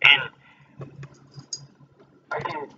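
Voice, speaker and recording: Man, casual chat, bright forceful voice, rambling and cursing, recorded far off on a dull lo-fi mic. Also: extremely slow. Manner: boastful, profane, rambling with many fillers. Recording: distant, dull lo-fi mic with faint noise.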